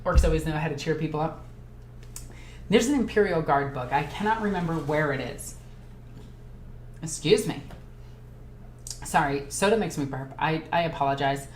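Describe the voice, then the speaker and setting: Excitable woman streamer in an echoey room. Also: low-pitched, moderate pace, pauses often. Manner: excitable and chatty, jumping between topics. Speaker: streamer hosting a live Q&A. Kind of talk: casual livestream chat, reading viewer comments aloud. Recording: echoey room with faint ambient noise.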